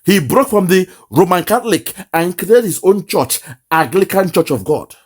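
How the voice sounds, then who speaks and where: A man's voice: high voice, very animated, normal speed, slightly rough. A man with a Nigerian accent giving impassioned political commentary, lamenting and repeating phrases for emphasis. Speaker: online commentator.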